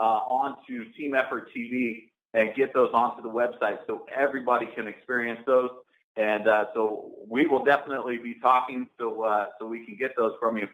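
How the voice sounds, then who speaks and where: A man hosting a phone-in conference call, energetic and full of fillers. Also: medium pitch. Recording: echoey tinny phone line.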